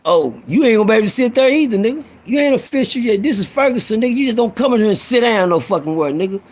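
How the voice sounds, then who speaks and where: A man's voice: high voice, lively intonation, rapid-fire, darkish tone. A man hosting a live stream, telling rowdy, profane stories and acting out the voices of people in them. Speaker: host. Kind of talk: storytelling on a live audio stream.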